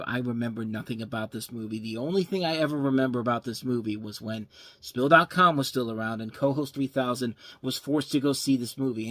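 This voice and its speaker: A man's voice: medium pitch, sharp tone, no echo. Rambling man reviewing movies, dry sound. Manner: rambling, stumbles over names. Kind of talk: casual movie review commentary.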